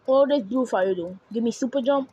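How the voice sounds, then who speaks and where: A young woman recording herself playing a game, talking to viewers and shouting and screaming as she plays. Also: fairly high pitch, normal speed, highs cut off. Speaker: gaming video creator. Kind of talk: live gameplay commentary. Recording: faint background noise.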